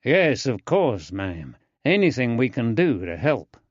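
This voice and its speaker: A male narrator voicing an earnest, eager young man with a soft drawling accent in an audiobook. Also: mid-range voice, sing-song, a little slow, dry recording, highs cut off.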